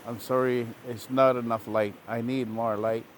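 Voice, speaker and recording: A crafty raven trickster, calm and falsely sorry, asking for more and more light, as a male storyteller plays him. The voice stays close to the teller's own, steady and coaxing. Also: mid-range voice, normal speed, slight background noise, close to an everyday voice, poor audio. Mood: sly, apologetic. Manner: calm, apologetic, sly.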